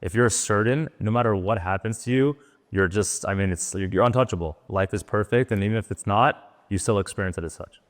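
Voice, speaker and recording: A man with a very deep voice talks fast and fluently, giving spiritual teaching. The recording has a long hall reverb from the room. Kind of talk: spiritual teaching at a live event. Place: large room before a live audience.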